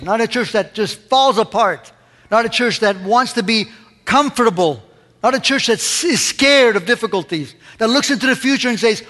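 A man preaching a sermon with impassioned, emphatic delivery, swinging between loud cries and quiet asides. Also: sits high. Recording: long reverb of a large hall.

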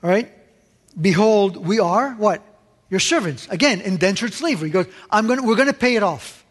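A man preaching a sermon, explaining scripture with lively rhetorical asides to the congregation. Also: high voice, brisk. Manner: animated, rhetorical asides asking the audience. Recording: long hall reverb.

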